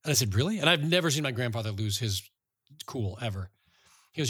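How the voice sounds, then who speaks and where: A middle-aged man co-hosting a podcast, chatting in a lively, storytelling way. His voice sits at a middle pitch and sounds dry and close to the mic. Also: fairly quick, breathy edge, no echo. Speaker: podcast co-host. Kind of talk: casual chat, storytelling.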